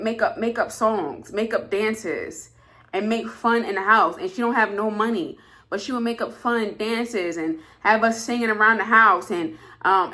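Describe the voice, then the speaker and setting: A woman's voice: lowish voice, bright, forceful tone. A young woman vlogger talking heartfelt and casual to her viewers, earnest and emphatic, repeating phrases with many fillers, at times close to tears. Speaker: food vlogger. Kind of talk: heartfelt casual talk to camera.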